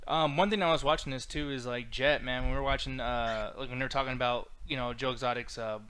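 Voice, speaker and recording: A man's voice: mid-range voice, steady tone, bright, forceful tone, clean tone. A man in a casual podcast chat, talking loosely with lots of "like" and swearing. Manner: quick, loose, profane, many fillers like "like". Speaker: podcast co-host.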